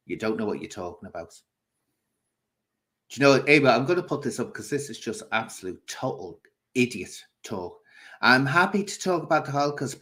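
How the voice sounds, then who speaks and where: A man's voice: on the low side, fairly bright tone. A man hosting a casual livestream, bluntly scolding and answering viewers' comments. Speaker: livestream host.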